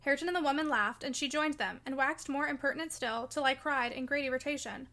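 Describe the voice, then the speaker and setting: A woman reading a classic novel aloud in a measured, clear and expressive storybook narration. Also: sits high. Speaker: audiobook reader.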